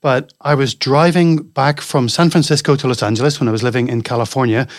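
A man's voice: medium pitch, steady tone, a little fast, no room sound, studio quality. A man in his forties from Northern Ireland with a Northern Irish accent blended with Scottish and London tones, chatting easily as a podcast guest and telling his story. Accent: Northern Irish, mixed with Scottish and London. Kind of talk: casual interview chat.

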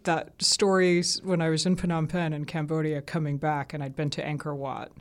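A woman's voice: low voice, moderate pace. Chatty woman journalist telling stories. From American South. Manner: chatty, relaxed anecdotal storyteller. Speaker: radio journalist guest. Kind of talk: casual interview storytelling.

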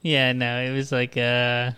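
A man's voice: medium pitch, completely flat delivery, a little slow, pushed and bright, clean tone, dry recording. A man in his thirties hosting a podcast, ranting and cursing casually while reading passages from a book aloud. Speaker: podcast host. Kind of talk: casual comedic book discussion.

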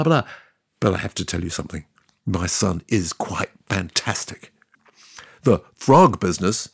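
A sardonic, talkative God tells his side of the story in a comic audio fiction. The voice is gravelly and a little husky, and the pitch swings around lively as he tells it. The recording is dry and close. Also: no room sound, heavily acted. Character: God, ancient male deity, wry and chatty. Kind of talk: scripted comic monologue.

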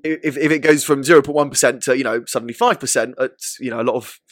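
Fast-talking man on a podcast. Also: mid-range voice, steady tone, dry recording, studio quality. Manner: quick, informal, calls his partner "mate" and "man". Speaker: podcast co-host. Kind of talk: casual chat.

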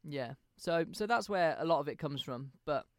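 A young man from England hosts a casual history podcast, talking in a chatty, hesitant way and often losing his thread. His voice sits fairly high for a man. It is recorded close and dry, with no room sound. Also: expressive, normal speed, no echo. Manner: chatty, hesitant, self-deprecating. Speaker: podcast host.

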